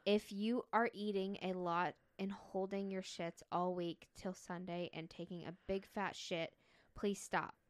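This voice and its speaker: A young woman co-hosting a podcast in a mid-pitched voice. She jokes and cracks up easily while chatting. The sound is dry and close. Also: level tone, unhurried, no room sound. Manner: giggly, jokey, cracks up easily. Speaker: podcast co-host. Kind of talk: casual chat.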